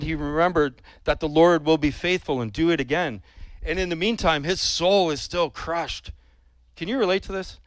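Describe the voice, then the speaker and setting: Man, preacher, sermon, emphatic and earnest, rhetorical questions, fairly high voice, dry close sound. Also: a bit bright, no room sound.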